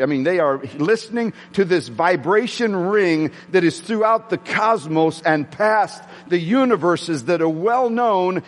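A man preaching a sermon to his congregation, excitable and prone to yelling. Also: sits high. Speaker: pastor. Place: church sanctuary with congregation. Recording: long hall reverb.

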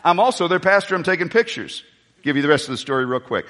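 High-voiced male pastor in a reverberant hall. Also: big pitch swings, fast, a bit bright. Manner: rambling, storytelling asides, call-and-response with the congregation. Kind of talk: sermon.

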